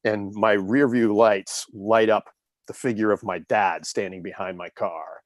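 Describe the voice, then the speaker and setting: With fairly even intonation and a measured pace, a man in his fifties tells casual, conversational stories as an interview guest. His voice sits lowish and sounds earnest and reflective. No echo or room is audible; the recording is dry and close.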